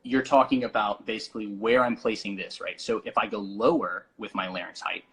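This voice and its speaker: Young male vocal coach, casual teacher with lots of ums, bright edge, a little husky. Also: fairly low pitch, fairly even intonation, brisk, poor audio. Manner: explains with demonstrations, many fillers.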